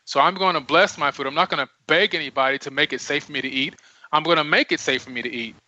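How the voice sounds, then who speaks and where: A man with a fairly high, bright, pushed voice talks fast as a guest on a radio interview. He is earnest and emphatic, preaching self-empowerment. The audio is dull, lo-fi radio sound.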